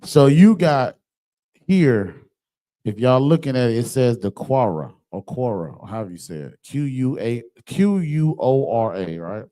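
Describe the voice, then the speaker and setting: Man, emphatic class teacher, mid-pitched voice, keeps checking listeners follow, online call mic. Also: big pitch swings, measured pace, mellow. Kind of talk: online scripture class with screen sharing.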